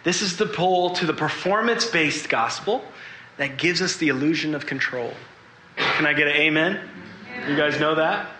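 A man preaching a sermon to a congregation, earnest and confessional, pausing to ask them questions. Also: on the high side, sharp tone, reverberant, a little hiss or hum, low-quality recording.

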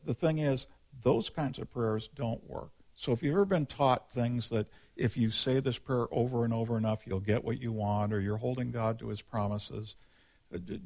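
Gravelly-voiced pastor preaching casually. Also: male voice, on the low side, a little mellow. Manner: candid, conversational, informal. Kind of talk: sermon.

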